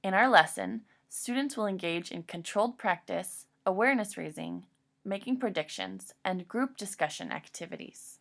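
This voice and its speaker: A woman's voice: mid-range voice, animated, normal speed, creaky, fairly bright tone. A woman giving a formal, scripted academic presentation about a lesson plan.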